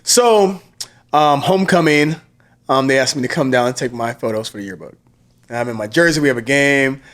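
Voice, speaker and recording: A man's voice: mid-range voice, fairly quick, fairly bright tone. Laid-back man telling a rambling story. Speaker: podcast co-host. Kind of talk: casual podcast chat.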